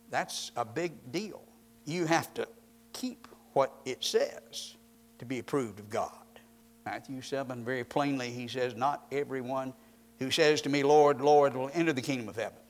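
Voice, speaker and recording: A man with a mid-range voice preaches a sermon, growing emphatic and more forceful on repeated points. When quoting scripture he slows to a measured pace.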